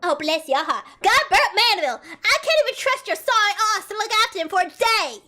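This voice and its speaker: A woman playing a bossy mother who scolds in a drifting put-on accent, her voice very high and bright. It swings widely in pitch. She is sharp-tongued and domineering. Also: animated, a little fast, exaggerated voice. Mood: scolding. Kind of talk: reading game dialogue aloud.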